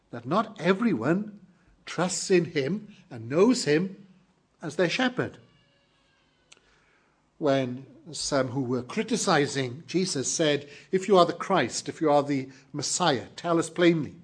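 A pastor preaches a sermon earnestly and emphatically to his congregation, slowing to weigh each stressed phrase. His voice sits a little high and has a husky edge.

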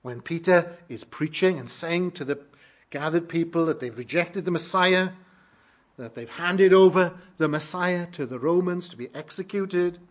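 A male pastor delivering a Sunday sermon in a slightly raised, husky voice. He builds emphasis around quoted questions and asks them back to his listeners. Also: on the high side.

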